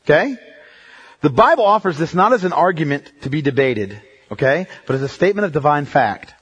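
Male pastor, high voice, emphatic sermon delivery that speaks directly to the congregation. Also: animated, brisk, husky, dull audio. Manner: emphatic, swings between loud outbursts and hushed stretches; talks straight to the congregation, checking in often.

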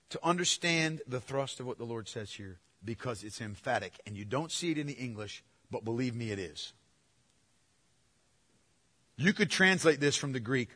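A male pastor preaching a sermon, emphatic and swinging from hushed, drawn-out phrases to loud declarations. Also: fairly high pitch, lively intonation, breathy edge, big-room sound.

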